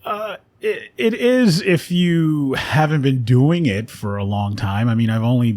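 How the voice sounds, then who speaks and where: A man, an actor and voiceover artist, chatting as a guest in a radio studio in a relaxed, rambling way and laughing often. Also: mid-range voice, unhurried. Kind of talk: casual conversation.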